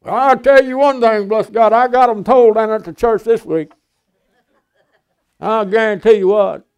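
An older man preaching a sermon, swinging from loud emphatic declarations to quiet, folksy storytelling. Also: high-pitched, moderate pace, clear, resonant tone.

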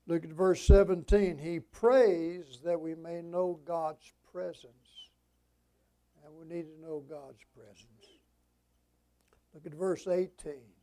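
Slow, mellow-voiced preacher, man. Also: high-pitched. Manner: preaching cadence with emphatic rises and hushed drops; slow and deliberate. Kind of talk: sermon.

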